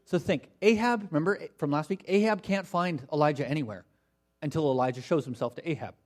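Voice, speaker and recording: A man's voice: a little high, a little fast. A male pastor preaching a sermon, reading scripture and mocking the false prophets with humorous asides.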